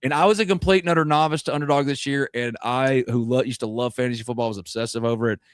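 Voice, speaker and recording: A man's voice: mid-range voice, fast, no echo. Laid-back man talking sports. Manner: rambling, loose, many fillers. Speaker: podcast host. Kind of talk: casual sports chat.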